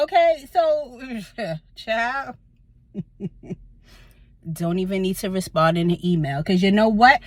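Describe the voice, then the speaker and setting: A woman's voice: a little high, animated, slow pace, long pauses, fairly bright tone, dry recording. Sassy Brooklyn woman, dry close sound. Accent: Brooklyn, New York. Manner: sassy, blunt, swears freely. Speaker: vlogger. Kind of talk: casual storytime chat. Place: car in a parking lot.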